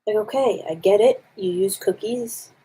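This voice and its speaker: A woman's voice: mid-range voice, normal speed, mellow, breathy edge. A woman on a casual live stream, reading jokes aloud and commenting on them to her viewers.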